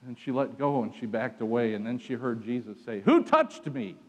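Male preacher, mid-pitched, dramatic sermon delivery from hushed to loud, reverberant hall. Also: fairly even intonation, a little fast. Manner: dramatic storytelling, swings from hushed to shouting.

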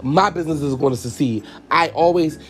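A man's voice: on the high side, a little fast, fairly bright tone. A man hosting a podcast, telling a personal story in a candid, profane, casual way and talking straight to his listeners. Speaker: podcast host and hairstylist.

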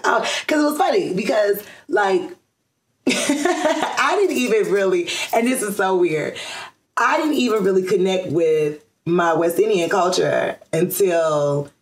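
A woman from Georgia in the US, chatting in a casual interview, rambling with many fillers and restarts and laughing often. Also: on the low side. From Georgia, USA. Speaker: interview guest. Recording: roomy echo.

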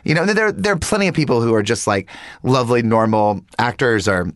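A man chatting casually and telling animated stories, acting out the people he quotes. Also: medium pitch, brisk, dry recording, studio quality. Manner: animated storyteller, quoting others. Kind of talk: casual storytelling chat.

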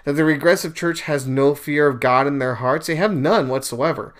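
A man's voice: a little high, normal speed. A man hosting a podcast, casually retelling a scripture story and giving his views, emphatic and chatty with asides. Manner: animated, emphatic, acts out quoted speakers; conversational with fillers and asides. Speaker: podcast host. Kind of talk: casual retelling and religious commentary.

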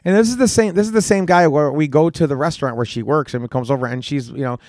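A man co-hosting a podcast, telling stories in animated, joking banter. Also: fairly high pitch, quick pace, no room sound, clean studio sound. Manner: animated, joking, self-deprecating. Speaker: podcast co-host. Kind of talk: casual banter.

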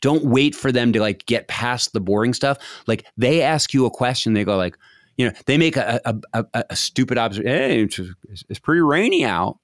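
A man's voice: mid-range voice, fairly quick, no room sound, studio quality. A middle-aged man giving casual advice on a podcast, acting out short example conversations with many restarts. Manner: animated, acts out example dialogues, frequent restarts.

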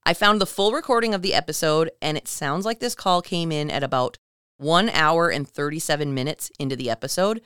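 A woman's voice: sits low, a little fast, smooth, no echo, clean studio sound. A woman co-hosting a podcast, retelling a story in casual chat and acting out the quotes as she goes. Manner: animated retelling, acts out quotes. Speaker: podcast co-host.

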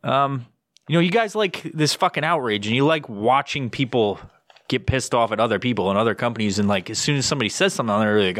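A man's voice: mid-range voice, expressive, fast talker, fairly bright tone, dry recording, studio quality. A man hosting his own podcast, rambling through sponsor plugs in a crude, swear-heavy casual monologue. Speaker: podcast host.

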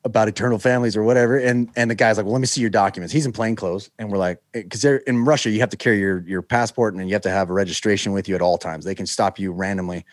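An American man recounts a story in a loose, casual way, slipping into the voices of the people in it. His voice sits a little low, and the recording is dry with almost no room sound. He rambles and circles back, with plenty of fillers. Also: very fast, few pauses, no room sound. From United States. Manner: animated, acts out quoted voices. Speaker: guest telling a story.

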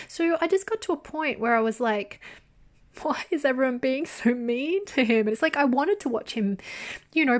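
A woman chatting casually as she reviews a drama. She talks in a candid, animated way and swears freely. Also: on the high side. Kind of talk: casual chat.

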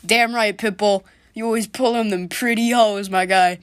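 A woman's voice: medium pitch, fairly even intonation, normal speed, no room sound. Woman, solo comedy podcaster, sarcastic and sweary, dry close sound. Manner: sarcastic, profane, jokey. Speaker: podcast host. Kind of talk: casual comedic monologue.

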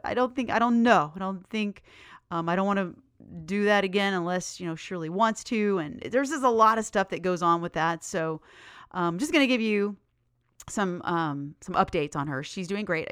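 A middle-aged woman hosts her own podcast with bubbly, chatty enthusiasm. Her voice is smooth and clear, with a mid-range pitch. She is recorded up close on a dry mic with no room sound. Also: fairly bright tone, no echo. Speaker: podcast host. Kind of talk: casual solo podcast chat.

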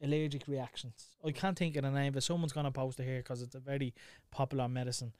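A young Dublin man telling a story in casual chat, animated and full of swearing. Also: medium pitch, fast, no echo, studio quality. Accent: Dublin Irish.

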